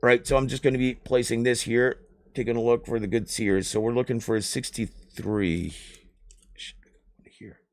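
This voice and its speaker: A man, chatting on a live stream in an excitable, rambling way and swearing often. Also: medium pitch, moderate pace. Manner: animated, excitable ranting with swearing.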